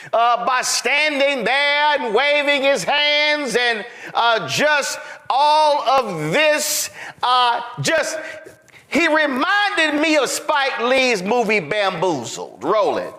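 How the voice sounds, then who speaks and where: Animated mocking male talk host. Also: very high-pitched. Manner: mocking, animated, drawn-out delivery. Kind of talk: commentary roasting a clip.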